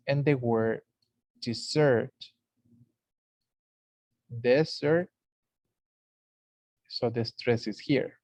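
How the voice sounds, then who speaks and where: Give me a man teaching English slowly, repeating each example word. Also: mid-range voice, darkish tone, no echo. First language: Spanish. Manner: explains slowly, repeats example words aloud. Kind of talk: classroom lesson recording.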